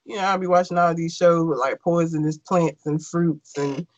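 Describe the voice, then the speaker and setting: A woman's voice: fairly low pitch, normal speed, lo-fi sound. A woman co-hosting a casual comedy podcast, blunt and profane in her reactions. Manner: blunt, profane, swings between flat asides and sharp exclamations. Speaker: podcast co-host.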